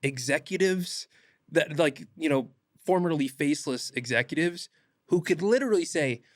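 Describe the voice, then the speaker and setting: A young man, an actor guest on a podcast, telling stories in a casual animated way and acting out quotes. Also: on the high side, normal speed, no room sound, studio quality. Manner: animated, laughs often, acts out quotes. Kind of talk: casual podcast interview storytelling.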